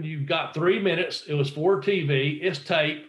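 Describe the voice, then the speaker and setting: A man's voice: fairly high pitch, unhurried, fairly bright tone, roomy sound, highs cut off. A man, a former pro wrestler, telling rambling, profane anecdotes in a casual interview and acting out quotes.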